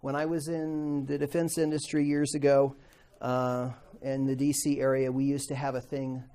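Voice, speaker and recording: A man's voice: mid-range voice, little pitch movement, moderate pace, warm tone. A middle-aged man teaching a Bible class in a conversational way, asking the class questions and acting out quoted voices.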